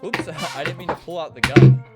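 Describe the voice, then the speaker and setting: Young man joking darkly over loud music. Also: a little high, moderate pace, creaky. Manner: dark deadpan joking, playful storytelling. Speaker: gaming video creator. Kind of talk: comedic gameplay commentary. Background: loud background music.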